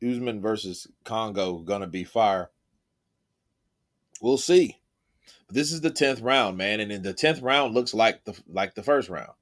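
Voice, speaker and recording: A man hosting a casual live-stream boxing commentary, reacting to the fight and reading the chat in quick, excitable bursts. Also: lowish voice.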